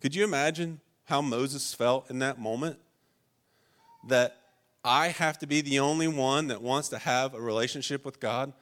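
A man preaching a sermon, telling stories with dramatic swings between loud, urgent lines and hushed, low passages. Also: a little slow.

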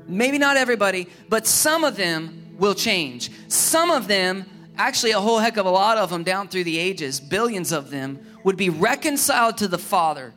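A man preaching a sermon as a pastor, lively and humorous, driving his points home with repeated rhetorical questions. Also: high voice, moderate pace, faint music behind.

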